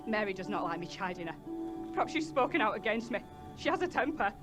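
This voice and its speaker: A woman's voice: medium pitch, very animated, quick pace, music in the background, natural voice. A woman playing a frightened colonial-era wife who speaks in fearful, formal phrasing. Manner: fearful, pleading, formal speech. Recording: game audio over loud score.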